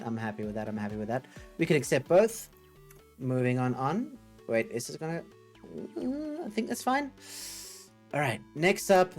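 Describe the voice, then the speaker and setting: A man hosting a casual coding livestream, thinking aloud and chatting with viewers in a rambling, upbeat way. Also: medium pitch. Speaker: livestream host.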